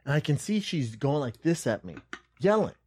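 A man's voice: on the high side, normal speed, slightly rough. A man telling a long story with lots of swearing, acting out both sides of an argument. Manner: excitable, profane, acts out both sides of the argument. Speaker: podcast guest. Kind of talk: animated profane storytelling.

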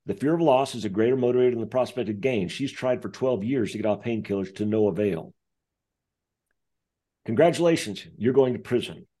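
A man telling a personal story as an interview guest, acting out the voices of the people in it. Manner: acts out quoted voices, lively pitch. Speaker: author and guest. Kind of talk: animated storytelling.

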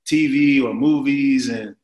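A man in his thirties tells a story in relaxed, slang-heavy conversation. He speaks at an ordinary middle pitch and fills his talk with loose fillers. The recording has a roomy echo. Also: unhurried. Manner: animated, slangy, lots of "like" and "man". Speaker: guest. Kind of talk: casual storytelling.

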